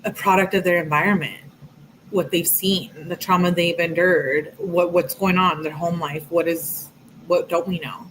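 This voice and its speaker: A woman's voice: on the low side, steady tone, moderate pace, a little hiss or hum, rough recording. Chatty woman reading texts aloud. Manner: chatty, reflective, many fillers like "like" and "um". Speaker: true crime commentator. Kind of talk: reading text messages aloud with casual commentary.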